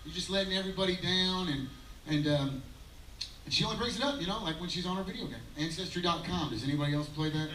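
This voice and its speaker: A man in his thirties with a drawl rambles through a self-mocking stand-up set, stumbling over fillers. His voice sits high for a man. It comes across roomy and a bit distant, with a faint hiss underneath. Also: animated, fast talker, a bit bright. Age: 30s. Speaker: stand-up comedian. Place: outdoor daytime comedy show. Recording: roomy live sound from a distance.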